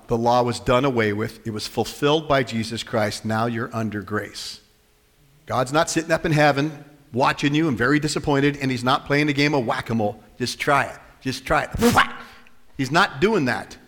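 A man preaching to his congregation, his voice sitting in a mid range. He keeps shifting between forceful bursts and hushed asides, acting out the quotes as he goes. His words hang in the long reverb of a church hall. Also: medium pitch. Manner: animated, swings from loud to soft, acts out quotes. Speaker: pastor. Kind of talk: sermon.

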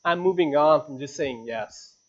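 A man preaching a sermon in a church, earnest, with sudden rises in pitch and volume on key points. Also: moderate pace, lo-fi sound. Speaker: pastor.

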